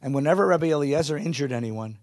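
A man teaching a Jewish text class to a live audience, animated, asking the room questions and mixing in Hebrew and Yiddish words. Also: fairly high pitch, quick pace.

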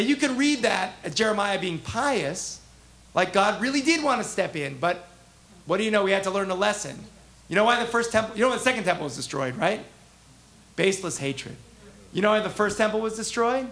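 A man teaching a text class as a rabbi, animated, asking the class questions and acting out the prophets' voices. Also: high voice. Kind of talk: interactive text lesson.

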